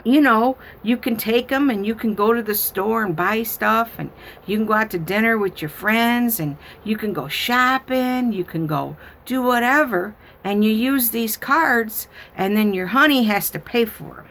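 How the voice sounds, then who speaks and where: A woman voicing an excited little girl of about four, talking in a breathless, insistent way. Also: on the high side, a little slow, voice pushed up.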